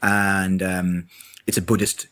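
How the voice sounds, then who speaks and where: A man's voice: sits low, flat delivery, slow, fairly bright tone. A man co-hosting a podcast in casual conversation, often restarting his sentences and tagging them with "right?". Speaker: podcast co-host.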